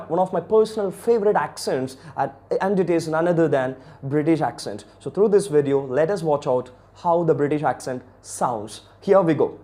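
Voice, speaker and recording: A man's voice: on the high side, warm tone. A man with an Indian accent giving a chatty video lesson on English accents, talking straight to viewers with many fillers.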